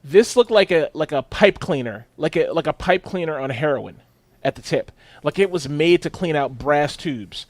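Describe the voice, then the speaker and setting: A man with a notably high voice holds forth on a casual podcast, close to the mic in a dry, dead room. He tells his story with a lot of profanity and animated swings, and his voice leaps up when he acts out his own reactions. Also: normal speed, no room sound. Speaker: podcast co-host.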